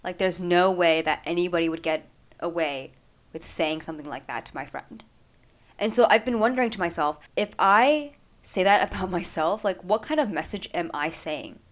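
A woman's voice: lowish voice, lively intonation, moderate pace. A woman vlogging a candid, earnest personal monologue, thinking aloud with rhetorical questions.

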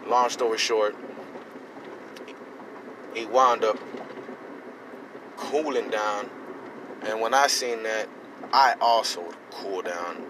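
A man's voice: fairly low pitch, slow, pauses often, background noise. A man, telling a story on his podcast in a rambling, heated way with street slang. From Houston, Texas. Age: 30s. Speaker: podcast host. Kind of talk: casual storytelling monologue.

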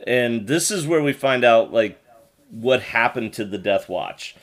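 A man co-hosting a casual podcast, talking at an ordinary middle pitch. He retells scenes with an animated, jokey delivery and drops into quoted lines as he goes. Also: a little slow. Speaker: podcast co-host. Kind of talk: casual recap chat.

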